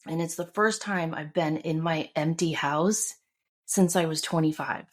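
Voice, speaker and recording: A middle-aged woman in an easygoing conversation, recounting a personal story with feeling and slipping into the voices of the people in it. Her voice sits a little low. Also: steady tone, unhurried. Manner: warm storytelling, emotional, acts out quotes. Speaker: podcast co-host. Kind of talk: casual chat.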